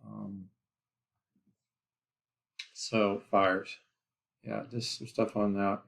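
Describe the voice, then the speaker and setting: A man's voice: lowish voice, flat delivery, very slow, vocal fry, a bit bright. A man teaching a geography class in a recorded lecture, rambling with lots of fillers and asides. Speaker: geography instructor.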